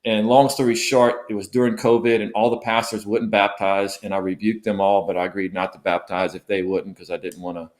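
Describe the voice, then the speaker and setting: Speaking fairly quickly with hardly any pauses, this middle-aged missionary shares an emotional personal story as a podcast interview guest. His fairly low voice shows little pitch movement, and he's earnest, frequently going over the same points again.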